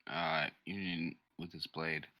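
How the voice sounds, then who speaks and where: Very deep, slow man playing a tabletop game. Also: steady tone, pushed and bright, dry recording, studio quality. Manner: slow, narrates his character in third person. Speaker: player. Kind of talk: casual tabletop game play.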